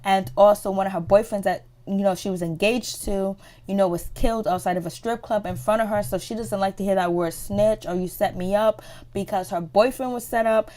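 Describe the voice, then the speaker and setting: A woman's voice: steady tone, fairly quick, warm tone. Chatty woman recapping reality TV. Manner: chatty, swearing, acts out quotes with rising pitch. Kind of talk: casual TV recap monologue.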